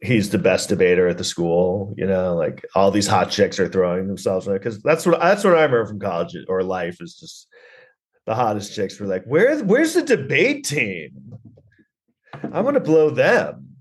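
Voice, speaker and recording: Brisk and low-voiced, a man hosts a podcast where he reviews a comedy film. His delivery is rambling and sarcastic, full of false starts and repeated "like."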